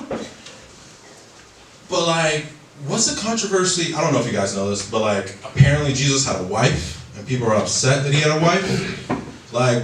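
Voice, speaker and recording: A man's voice: mid-range voice, fairly bright tone, a little hiss or hum. A man doing a stand-up comedy set, telling stories loosely and profanely and working the crowd. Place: comedy club stage. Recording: echoey club recording from a distance.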